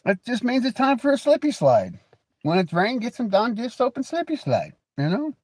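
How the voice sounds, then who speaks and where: Man, livestream host, rambling jokey banter, lively swooping pitch, dry close sound. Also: moderate pace, no echo. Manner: rambling, joking, laughs often; teasing crude banter. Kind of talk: casual livestream chat with viewers.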